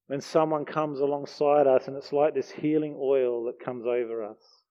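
A man's voice: mid-range voice, steady tone, normal speed. A man preaching a heartfelt, earnest sermon. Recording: dull lo-fi recording.

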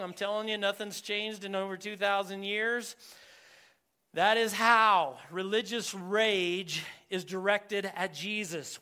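High, bright-voiced preacher, slow and emphatic. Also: male voice, clear, resonant tone. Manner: animated, joking, emphatic, talks to the congregation. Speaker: pastor. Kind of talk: verse-by-verse sermon.

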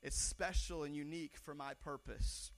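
High-voiced animated preacher, man. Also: normal speed. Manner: animated storytelling, excitable. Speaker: pastor. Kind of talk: sermon.

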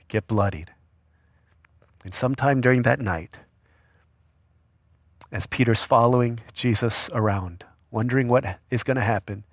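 A man's voice: on the low side, dry recording, studio quality. A man preaching a casual sermon, telling the story with slang and acting out the people in it. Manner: animated storyteller acting out voices. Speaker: youth pastor.

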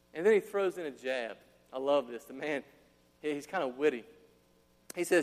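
A man's voice: sits high, lively intonation, fast. A man preaching a sermon, acting out the people in his story and dropping casual slang asides. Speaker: pastor. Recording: long hall reverb.

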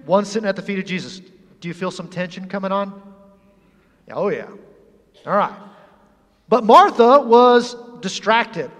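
A male pastor preaching a sermon in a church, animated and humorous, acting out the scenes he describes. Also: high-pitched, big-room sound. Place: church sanctuary.

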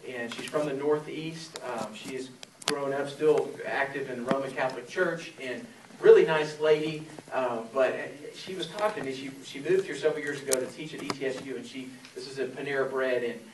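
A Florida pastor in his forties preaches a sermon in a conversational, storytelling style packed with fillers. His mid-range voice moves briskly, picked up from a distance in an echoey room with background noise.

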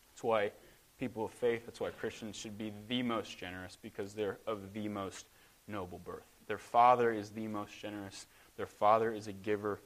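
A man's voice: fairly low pitch, steady tone, moderate pace. A man preaching a conversational sermon as a pastor, speaking as a father and acting out short dialogues within his teaching. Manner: conversational preaching, acts out God's and a child's lines in dialogue.

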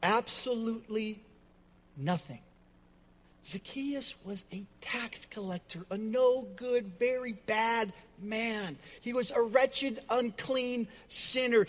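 A man's voice: sits high, a little slow, long reverb tail. A man preaching a sermon as pastor, dramatic and emphatic with repetition, in a church.

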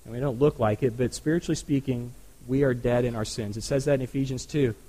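A man's voice: medium pitch, steady tone, fast talker, mellow, poor audio. A man preaching a sermon to a congregation in an earnest, conversational way, often adding asides. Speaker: pastor. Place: church.

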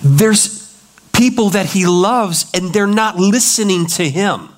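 Guy preaching a sermon, pastor vibe, kinda high voice, chatty, does little voices for the people he quotes. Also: lively intonation. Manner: conversational preaching, acts out quoted voices, drops low and slow for emphasis.

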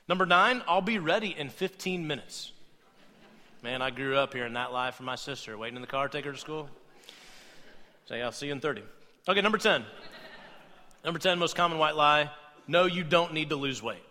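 A man preaching a humorous sermon, playful and animated, acting out quoted voices as he goes. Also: fairly high pitch, normal speed, long pauses, big-room sound. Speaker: pastor.

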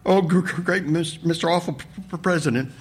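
A man's voice: fairly high pitch, expressive, brisk, fairly bright tone, breathy edge, voice pushed up. A man playing a stammering, blubbering man who grovels and apologizes over and over. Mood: groveling. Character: nervous groveling man, stammering and self-abasing.

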